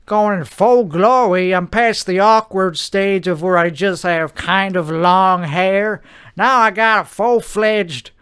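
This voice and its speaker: A man's voice: sits high, a bit bright, clear, resonant tone. A man hosting his own show, talking in a rambling, self-mocking, jokey monologue. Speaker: host.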